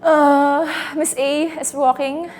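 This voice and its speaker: A woman's voice: high voice, level tone, takes it slowly, a little mellow, long reverb tail, slight background noise. A woman narrating her feelings aloud during a workshop exercise, nervous and self-conscious, with bursts of laughter. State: anxious, breathy with nervous laughter. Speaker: acting workshop participant.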